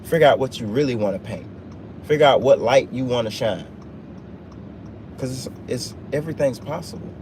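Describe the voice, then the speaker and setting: A man livestreaming from inside a truck, preaching motivation in a steady mid-range voice. He hammers each point with repeated, emphatic lines. Road and engine noise hums clearly behind him on the phone recording. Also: medium pitch, normal speed, long pauses. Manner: emphatic, repetitive preaching cadence. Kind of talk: off-the-cuff motivational talk. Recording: noisy vehicle cabin sound.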